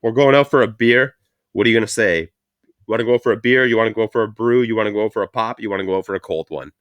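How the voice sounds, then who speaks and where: A man's voice: fairly low pitch, quick pace, no room sound, muffled recording. Joking Canadian man, dry close sound. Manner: joking, swears casually, lively asides. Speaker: podcast host. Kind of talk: casual chat.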